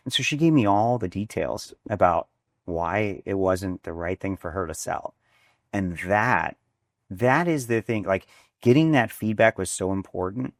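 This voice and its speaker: A man in his forties speaks in a deep, low register, recounting business stories with animated energy and little bits of acted-out dialogue. He restarts phrases often as he thinks aloud. The sound is dry and close, with no room around it. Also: dry recording. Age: 40s. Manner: animated storyteller, acts out dialogue, frequent restarts. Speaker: restaurant chain executive, guest. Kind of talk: conversational interview storytelling.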